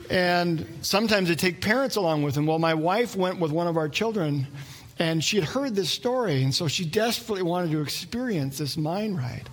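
A man in his forties, a preacher telling a story to a live audience in an animated, conversational way with self-deprecating humor. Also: on the high side.

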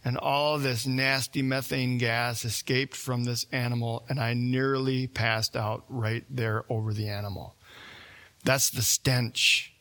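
Male preacher, middle pitch, relaxed conversational sermon delivery with acted-out quotes. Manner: conversational, acts out quoted voices. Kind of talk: sermon storytelling.

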